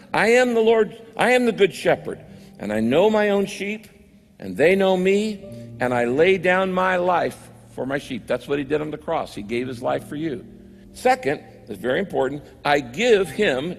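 Animated, gravelly-voiced man preaching a sermon. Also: fairly high pitch, long reverb tail. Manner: emphatic, repeats key phrases, slows on scripture quotes. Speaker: pastor.

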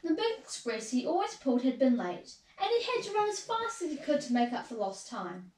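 A woman reading a children's storybook aloud in an expressive, sing-song way, recorded in an echoey room far from the mic. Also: sits high, brisk.

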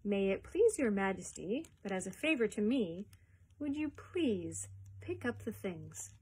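A woman's voice: mid-range voice, sing-song, measured pace, darkish tone, husky, full character voice. A woman reading aloud, voicing a jolly male traveling peddler with a sing-song, folksy patter.

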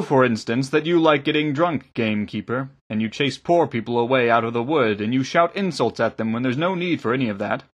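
A man reads aloud in a slightly high voice, playing an earnest middle-aged man who preaches gently yet fervently to a small congregation.

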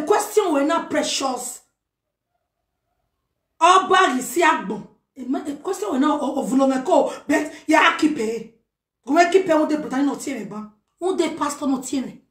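A woman with a Nigerian accent delivering a heated, animated message to camera, mixing pidgin with a local language. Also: high voice, normal speed, pauses often. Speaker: social media personality. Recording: roomy echo.

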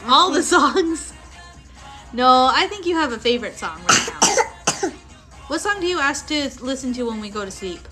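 On a relaxed home livestream with her little one, a mother talks at normal speed in a high, sing-song voice, pausing often. She chats playfully and laughs frequently as music plays behind her.

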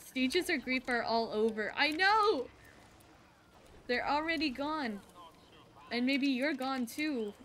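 A woman streaming a video game, chatting casually and excitedly with her viewers as she plays. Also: sits high, measured pace, slight background noise. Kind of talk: casual live-stream chat.

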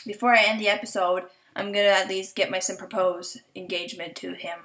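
A woman's voice: medium pitch, flat delivery, fairly quick. A young woman giving chatty, giggly let's play commentary, talking to herself and voicing the game characters in silly tones. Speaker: gameplay commentator. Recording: faint background hiss.

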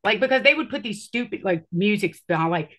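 A woman's voice: medium pitch, expressive, brisk, bright, forceful tone. A woman casually telling a personal story in a rambling way, full of filler words and acted-out quotes.

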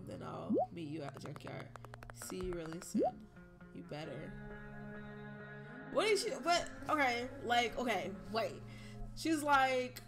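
A young woman streaming a game from home, chatting casually and rambling with lots of fillers. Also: mid-range voice. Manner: chatty, bubbly, rambling with many likes and ums. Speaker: gaming streamer. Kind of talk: casual let's-play commentary. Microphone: desk mic with webcam.

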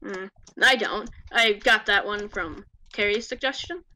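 A woman's voice: mid-range voice, measured pace, pushed and bright. A young woman chatting casually with friends over a game, giggly and encouraging. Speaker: gaming friend, host's girlfriend. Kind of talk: casual chat while gaming.

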